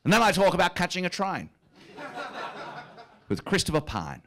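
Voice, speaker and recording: A man's voice: high-pitched, huge pitch swings, normal speed, a bit bright, full character voice. A man with an Australian accent doing a stand-up impression of a pompous, self-satisfied wealthy prime minister, speaking in a smug, drawling, self-amused way on stage. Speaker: comedian.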